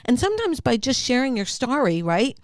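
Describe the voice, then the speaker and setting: Bubbly, animated woman podcast host. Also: a little high, dry recording. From Western Massachusetts. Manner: bubbly, eager, quick to laugh and tease. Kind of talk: casual interview chat.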